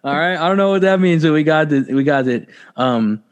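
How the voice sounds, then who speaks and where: A man's voice: on the high side, animated, fairly quick, smooth, lo-fi sound. A loose, profane man from Texas hosts a casual podcast. He rattles through his talk with playful noises and laughs, never stiff. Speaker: podcast host.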